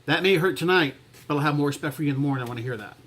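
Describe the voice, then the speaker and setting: A man talking to his camera in a reflective personal vlog, halting and heartfelt, with many restarts and fillers. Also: on the high side, fairly bright tone, husky. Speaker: vlogger.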